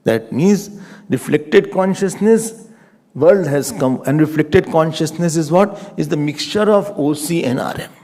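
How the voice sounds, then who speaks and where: A man's voice: on the high side, measured pace, mellow. A man giving a scripture class lecture as a Vedanta teacher, patiently repeating his points for emphasis.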